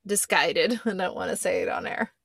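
A woman's voice: fairly low pitch, normal speed, creaky, a bit bright, breathy edge, no room sound. A woman co-hosting a casual film review podcast, chatty and rambling. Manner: chatty, rambling, self-interrupting. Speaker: podcast co-host.

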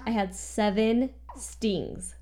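Animated woman podcast co-host. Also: fairly high pitch, very slow. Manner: animated, self-mocking storytelling. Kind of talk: casual podcast storytelling.

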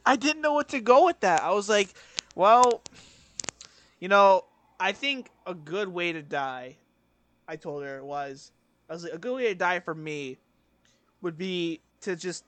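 A young man co-hosting a podcast, telling a workplace story in casual chat, lively and acting out what others said. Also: high-pitched, a little slow, pauses often, a little hiss or hum. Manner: animated, acts out quoted voices, laughs often. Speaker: podcast co-host.

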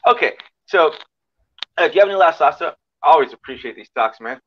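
A man's voice: fairly high pitch, lively intonation, a little fast, slight background noise. Rambling male podcast host, lo-fi sound. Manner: friendly, rambling, restarts often. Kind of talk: casual interview chat.

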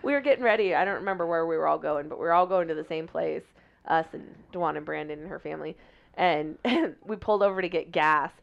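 A woman in her thirties co-hosting a casual podcast, telling animated stories and laughing often. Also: low-pitched, fast, gravelly, dull audio. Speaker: podcast co-host. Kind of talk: casual chat. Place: indoors, on a couch.

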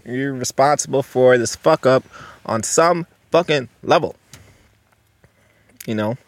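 A man's voice: mid-range voice, animated, takes it slowly, pauses often, no room sound. A young man hosting a solo podcast, talking bluntly and profanely and rambling with lots of fillers. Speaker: podcast host.

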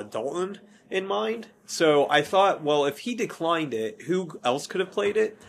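A man's voice: medium pitch, fairly bright tone, a little hiss or hum. A man hosting a podcast in casual chat, rambling, correcting himself and laughing often. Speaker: podcast host.

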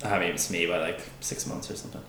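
A man's voice: low voice, steady tone, quick pace, sharp tone, echoey room. A man in his twenties from Ireland with an Irish accent, a guest in a casual podcast chat, laid-back and full of "like" fillers and swearing. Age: 20s.

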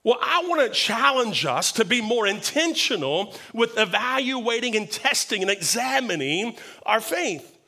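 A man's voice: very high-pitched, big pitch swings, a little slow, creaky, pushed and bright. A man pastor delivering a sermon, earnest and repeating words for emphasis.

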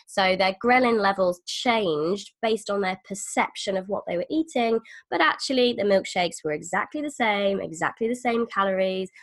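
A woman's voice: medium pitch, a bit bright. A woman hosting a podcast, chatting with enthusiasm and now and then acting out quoted voices. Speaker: podcast host. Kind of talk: casual podcast conversation.

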